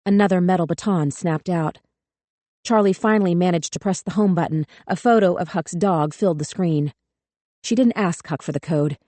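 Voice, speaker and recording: A woman narrating a thriller audiobook in a measured, grave tone on a close studio mic. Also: lowish voice, mellow, dry recording. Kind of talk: scripted narration.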